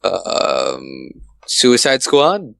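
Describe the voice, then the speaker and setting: A man's voice: deep voice, wildly swooping pitch, drawn-out words, vocal fry, a bit bright, dry recording. A man with a Californian American accent, co-hosting a casual gaming podcast in an easygoing way and laughing often. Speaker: podcast co-host. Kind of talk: casual chat.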